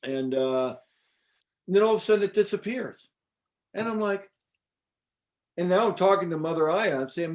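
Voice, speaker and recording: A middle-aged man, an interview guest, telling a personal story in a casual, animated way with many fillers and the odd swear word. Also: fairly high pitch, normal speed. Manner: animated, chatty, frequent fillers and restarts. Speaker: interview guest recounting an experience.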